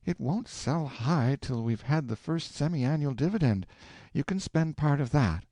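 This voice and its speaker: Prim, thrifty wife, reproving, lifted and lively voice; male narrator doing it. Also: a little high, measured pace, no echo, studio quality, voice pushed up. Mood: patient. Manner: primly reproving, careful with money. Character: prudent, prim middle-aged wife. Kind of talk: audiobook character voice.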